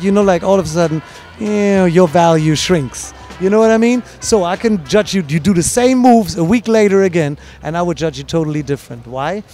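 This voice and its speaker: Analytical man, slightly high voice. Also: expressive, fairly quick, darkish tone, soft background music. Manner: analytical, many fillers and restarts. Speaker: breakdancing judge. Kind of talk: interview answer, explaining at length. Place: at a dance event.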